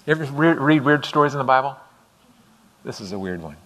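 A man's voice: medium pitch, animated, fairly quick, a bit bright. A middle-aged man preaching a sermon as pastor, conversational and acting out voices as he goes. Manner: conversational, acts out voices with rising intensity.

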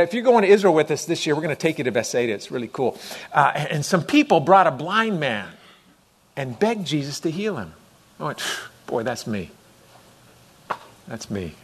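A middle-aged man preaching to his congregation in a loose, conversational way. He slips into acted voices and lets his intensity climb, and his voice sits slightly high for a man. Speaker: pastor. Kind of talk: sermon.

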